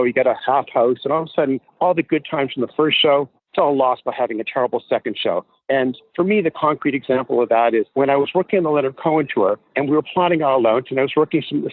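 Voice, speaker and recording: A man telling an animated story as a guest on a podcast, acting out the people in it. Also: medium pitch, dry recording. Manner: animated storyteller, acts out voices. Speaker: guest promoter. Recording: tinny phone line.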